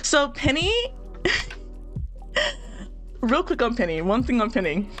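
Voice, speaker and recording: A woman's voice: fairly high pitch, huge pitch swings, slow pace, fairly bright tone. A young woman with a stuffy nose, chatting and giggling casually as she plays a game. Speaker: let's play host. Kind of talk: casual gameplay commentary. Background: faint game music.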